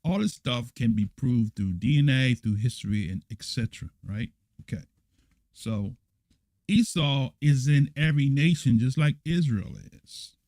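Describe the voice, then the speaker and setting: A man teaching a scripture lesson on a livestream, speaking bluntly and emphatically. He repeats his points and keeps checking in with his viewers. His voice sits at a middle pitch and sounds dry and close to the mic. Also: animated, a little slow, darkish tone, no echo. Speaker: church elder teaching a lesson.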